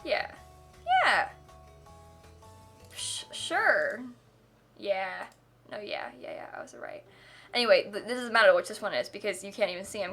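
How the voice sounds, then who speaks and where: A woman livestreamer in casual chat, rambling and quick to laugh as she thanks viewers. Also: mid-range voice, pushed and bright. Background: faint music.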